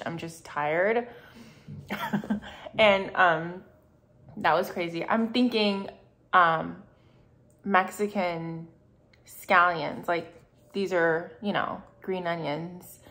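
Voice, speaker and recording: A woman's voice: lowish voice, fairly bright tone. A young woman vlogging casually while she cooks in her home kitchen, chatty, laughing often and fretting aloud. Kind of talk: casual chat while cooking.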